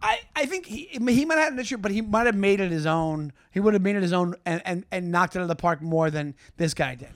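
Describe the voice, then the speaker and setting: A man co-hosting a comedy podcast in casual chat, enthusiastic, laughing often and slipping into quick impressions. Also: high voice, lively intonation, no room sound, studio quality. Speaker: podcast co-host.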